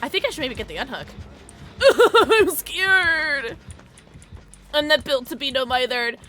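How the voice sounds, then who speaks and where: A young woman live-streaming a game, giggly and excitable, chatting with her viewers and squealing at the game. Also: high-pitched, fast talker, soft background music.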